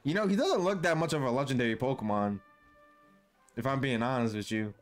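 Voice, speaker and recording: Soft music plays behind this young gaming YouTuber, whose mid-range voice is expressive and fairly quick. He comments casually on the game he's playing, using playful slang and doing silly character voices.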